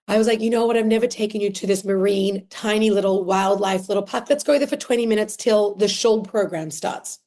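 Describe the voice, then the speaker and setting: An Australian woman in her thirties, a podcast guest telling personal stories in an emotional, animated way. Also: mid-range voice, fast, hardly any pauses. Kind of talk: casual conversational storytelling.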